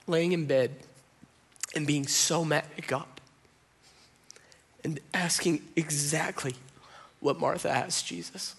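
Guy preaching, kinda high voice, chatty but punchy, acts out the quotes. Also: fairly even intonation, slow pace, vocal fry, long pauses, fairly bright tone, husky. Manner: conversational, emphatic, shifts into acted quotes. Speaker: pastor. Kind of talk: sermon.

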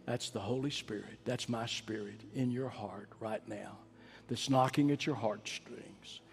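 A man preaching a sermon and leading an altar call, rising to ringing climaxes and dropping to hushed pleading. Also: on the low side, measured pace, vocal fry, slight background noise. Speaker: pastor. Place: large church sanctuary. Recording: long hall reverb.

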